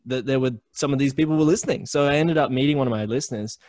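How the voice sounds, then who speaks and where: Brief: Australian podcast founder, young adult, casual interview guest, chatty, many "um"s, average pitch, dry mic. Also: male voice, very fast, darkish tone, no room sound. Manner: chatty storyteller with many fillers and restarts. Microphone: remote call recording.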